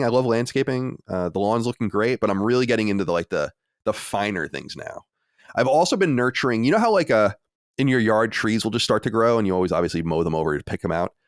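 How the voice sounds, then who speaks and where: A man's voice: mid-range voice, dry recording. A man hosting a podcast in casual chat, reading listener mail with playful, mock-boastful banter. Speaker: podcast host. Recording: dry close mic.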